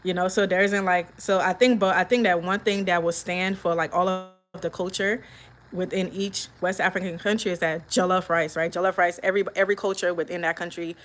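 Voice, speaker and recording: A woman's voice: on the low side, fairly even intonation, fairly quick, fairly bright tone, faint music behind, poor audio. A young woman from Liberia, chatting casually as she hosts a live cooking stream at home and answers viewer comments while she cooks. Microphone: phone.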